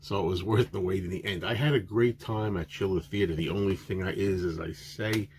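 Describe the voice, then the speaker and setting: A man casually showing off his autograph collection, chatty and enthusiastic, rambling with many filler pauses and restarts. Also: low voice, fairly even intonation, a little mellow, a little hiss or hum. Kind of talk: casual show-and-tell narration.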